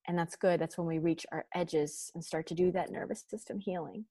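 A woman talking earnestly on a podcast, encouraging listeners in gentle spiritual language. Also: on the low side, steady tone, brisk, husky, no room sound. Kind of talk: reflective podcast conversation.

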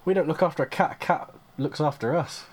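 A woman's voice: low-pitched, fast, a little mellow, a little hiss or hum. A young British woman in casual chat on a video call, jokey and laughing often. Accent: British English. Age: young adult. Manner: jokey, laughs a lot, puts on rough voices.

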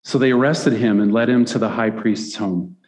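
A man's voice: on the low side, normal speed, darkish tone, in a large hall. A man preaching a sermon, reading scripture aloud and breaking off into casual asides that keep asking "right?".

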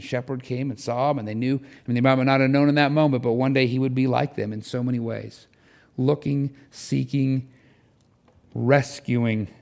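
A man preaching a sermon in a church, earnest and pleading, his voice climbing and falling as he presses his point. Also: a little mellow. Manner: earnest, rising to pleading intensity with wide pitch swings. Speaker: pastor. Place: church sanctuary.

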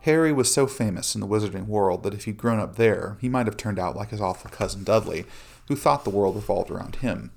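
A man giving an earnest, measured scripted devotional reading. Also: lowish voice, creaky. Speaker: Christian speaker.

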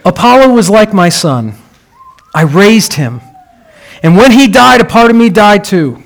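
Fatherly old boxing coach, grave, earnest, fairly high male voice, as a preacher quotes him. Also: big pitch swings, unhurried, full character voice. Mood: solemn.

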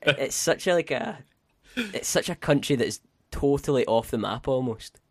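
A man's voice: mid-range voice, expressive, moderate pace, no echo, studio quality. A man co-hosting a podcast, chatting casually, rambling and restarting his sentences, swearing now and then. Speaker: podcast co-host. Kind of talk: casual chat.

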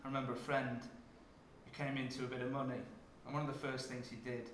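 A man preaching a sermon, dropping to a hush and rising to loud emphasis as he tells the story. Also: mid-range voice, level tone, a little fast, reverberant, a little hiss or hum. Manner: dramatic shifts from hushed to loud when acting out scenes.

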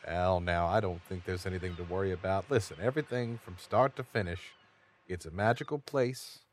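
Low-voiced man in his thirties, reassuring. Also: a little fast, a little hiss or hum. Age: 30s. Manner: earnest and reassuring. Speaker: player. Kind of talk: in-character role-play.

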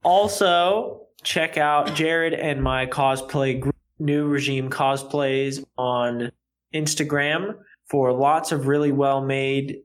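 A man co-hosting a casual podcast, talking in an unhurried way with small restarts. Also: mid-range voice, steady tone. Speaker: podcast co-host, cosplayer.

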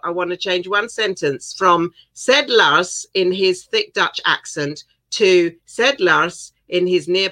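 A woman's voice: mid-range voice, bright, forceful tone, rough recording. An older woman from England, an author talking as a guest in a casual interview, chatty and laughing often.

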